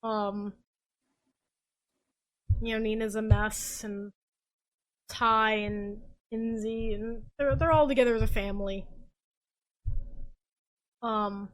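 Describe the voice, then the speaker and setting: A young woman podcast host, drunk, rambling excitably and swearing as she recaps a story in casual chat. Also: fairly high pitch, slow, pauses often.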